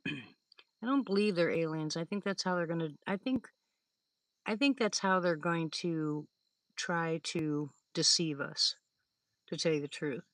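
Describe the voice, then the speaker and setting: A woman's voice: low-pitched, unhurried, long pauses, a bit bright, no echo. An older woman hosting a live stream, rambling through stories in casual chat with her viewers, laughing often. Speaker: livestream host.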